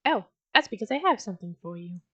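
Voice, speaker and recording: A woman's voice: medium pitch, lively intonation, quick pace, a bit bright, highs cut off, a little hiss or hum, close to an everyday voice. A woman voicing a young scarecrow boy who sounds shy, earnest and a little hesitant.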